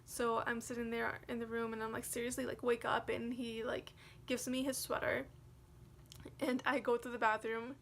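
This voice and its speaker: A young woman vlogger tells a personal story in a chatty, animated way, filling it with "like" and quoted dialogue. Her voice is fairly high at normal speed, with a little hiss or hum in the recording.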